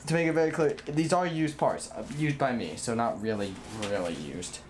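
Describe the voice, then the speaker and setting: A young man talks casually to a live stream as he works on a computer build. He rambles, curses freely and trips over his own sentences. His pitch sits in the middle of the male range, and faint background noise runs under his voice. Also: normal speed. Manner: rambling and blunt, swears, restarts sentences. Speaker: livestreamer.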